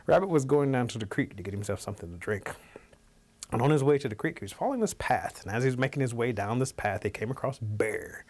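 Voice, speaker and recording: A man telling a traditional animal folk tale in a relaxed, animated storytelling manner. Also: medium pitch, fast.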